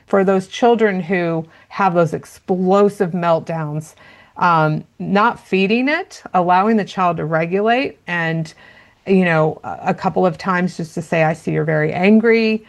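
A woman's voice: lowish voice, unhurried. A woman, a guest sharing parenting stories in casual, earnest chat. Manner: earnest, storytelling, acts out quotes.

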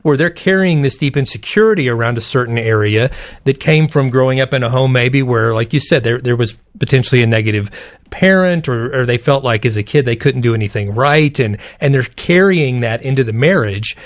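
A man's voice: medium pitch, lively intonation, brisk. A man co-hosting a conversation, explaining in an earnest way. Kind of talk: casual conversational interview.

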